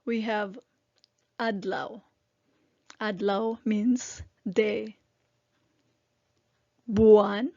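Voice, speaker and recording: A woman from the Philippines teaching a language lesson, explaining words patiently syllable by syllable with frequent pauses and fillers. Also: mid-range voice, darkish tone, no echo, lo-fi sound.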